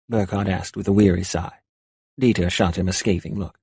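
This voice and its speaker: Low, husky male audiobook narrator. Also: a little fast, a little mellow, no room sound, studio quality. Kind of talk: scripted narration.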